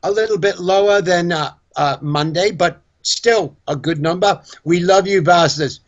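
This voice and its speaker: A man co-hosting a casual live stream, joking in a wry, deadpan way. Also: high voice, measured pace, dull audio. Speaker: show host.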